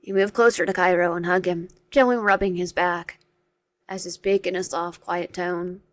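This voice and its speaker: A woman's voice: lowish voice, steady tone, moderate pace, dry recording. A woman reading a visual novel aloud as narrator, often stumbling and correcting herself. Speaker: game streamer.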